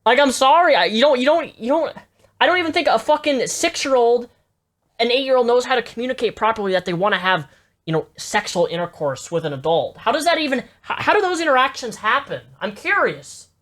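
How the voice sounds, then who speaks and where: A woman's voice: on the high side, big pitch swings, fairly quick, a bit bright. Woman, live reaction commentator; blunt, profane, stammery when heated.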